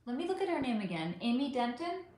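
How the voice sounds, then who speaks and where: A woman's voice: sits high, fast. A woman hosting a spiritual livestream, chatting animatedly with viewers and answering their comments. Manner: animated, chatty, swears and exclaims, reads viewer names. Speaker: spiritual reader and livestream host. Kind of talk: casual livestream chat reading comments. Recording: echoey room.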